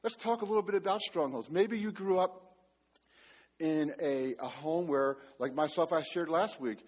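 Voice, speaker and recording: A man's voice: on the high side, moderate pace. A middle-aged man preaching a sermon, telling a story with self-mocking humor. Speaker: pastor.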